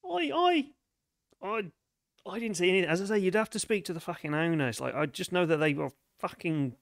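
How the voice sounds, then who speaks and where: A man puts on a surly, foul-mouthed bar dancer in a tabletop game, speaking in a pitched-up, gravelly voice. The dancer grumbles and dodges every question. The sound is dry and close. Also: animated, fairly quick, no echo. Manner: swears constantly, grumbling and cagey.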